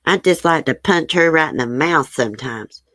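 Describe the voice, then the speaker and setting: A woman's voice: sits low, animated, normal speed, fairly bright tone, no echo. A woman hosting a livestream, chatting frankly and opinionated as she reads news and answers viewer comments. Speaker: livestream host. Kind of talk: casual chat reading news and viewer comments.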